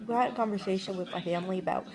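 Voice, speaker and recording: A woman's voice: mid-range voice, racing, crowd noise, poor audio. A woman vlogger musing aloud in a casual, jokey monologue, rambling and trailing off as she thinks.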